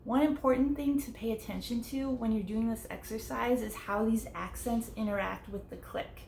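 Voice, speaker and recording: A young woman teaching a drum pad exercise, explaining strokes clearly step by step and counting beats aloud. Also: a little high, fairly even intonation, moderate pace, a little mellow, slight background noise. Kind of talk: casual instructional explanation. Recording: echoey room with faint ambience.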